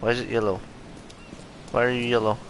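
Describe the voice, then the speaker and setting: A man hosting a let's play, reacting out loud, swearing and muttering to himself as he plays. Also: medium pitch, steady tone, fairly quick, creaky, a little hiss or hum. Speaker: gaming channel host.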